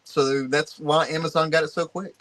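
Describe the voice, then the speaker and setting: A man talks casually on a podcast, relaxed and taking his time to explain. His voice sits a bit higher than most men's. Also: normal speed. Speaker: podcast co-host. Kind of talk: casual chat.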